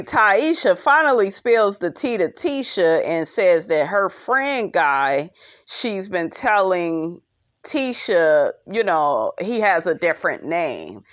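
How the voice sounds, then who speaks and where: A woman hosts a casual podcast recap, sassy and gossipy, and speaks right to her audience. Her pitch swings widely as she talks, and her delivery is slow and drawn out. The sound is dull and lo-fi. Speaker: podcast host. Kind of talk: casual reality show recap.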